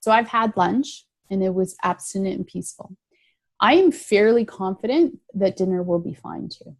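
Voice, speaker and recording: A woman's voice: mid-range voice, moderate pace, no echo. A middle-aged woman telling her recovery story in an interview, earnest and emphatic, often repeating key phrases. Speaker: guest sharing recovery story. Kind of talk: interview answers, reflective.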